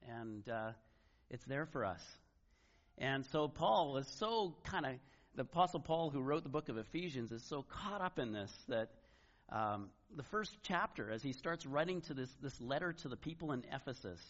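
Give me a middle-aged man delivering a sermon in a relaxed, conversational way, slipping into animated little voices for the people in his stories. His voice sits a bit high for a man. The recording is dull and lo-fi, with the top end muffled. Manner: conversational, animated retelling with acted asides. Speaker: pastor.

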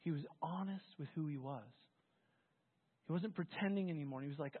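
Preaching in a relaxed, storytelling manner, this pastor speaks a little fast at medium pitch with a breathy edge, frequently starting phrases over. The recording has a phone-like quality and long reverb like a hall.

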